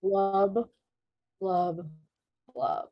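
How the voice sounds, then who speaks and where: A woman voicing a gloomy male storybook fish who talks with no inflection in a slow, lifeless sing-song. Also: medium pitch, highs cut off. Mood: bored. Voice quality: flat, no inflection.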